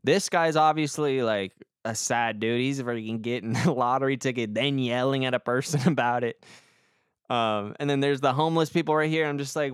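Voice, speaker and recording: A man's voice: mid-range voice, moderate pace, smooth, no echo, clean studio sound. Rambling young male podcast host. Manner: rambling, swears a lot, self-deprecating. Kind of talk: casual comic monologue.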